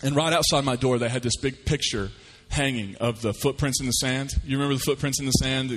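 A man delivers a sermon in a relaxed, folksy storytelling style. His voice sits at an ordinary pitch, and he slips into the voices of the people he describes. A long church reverb trails each phrase. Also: fairly quick. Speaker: pastor.

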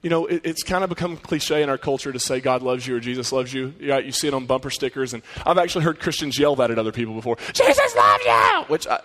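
A man's voice: medium pitch, quick pace, few pauses, in a large hall. A man preaching a sermon in an earnest, conversational way, often putting rhetorical questions to his listeners. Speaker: pastor.

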